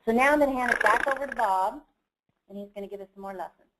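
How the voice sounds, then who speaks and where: A woman's voice: fairly high pitch, quick pace, heavy background noise. A woman who runs the company gives a motivational webinar talk in an earnest, enthusiastic storytelling manner. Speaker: company CEO presenter.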